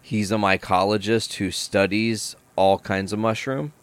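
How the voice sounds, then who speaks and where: A young adult man hosting a podcast, telling stories in a casual, profane, animated way. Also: lowish voice, measured pace, clean tone. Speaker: podcast host. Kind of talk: casual podcast chat, storytelling.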